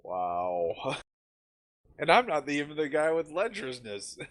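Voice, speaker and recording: A man's voice: a little high, very animated, unhurried, a bit bright. A man playing in a tabletop game, cracking playful jokes in casual chat. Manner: joking, playful. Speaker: player.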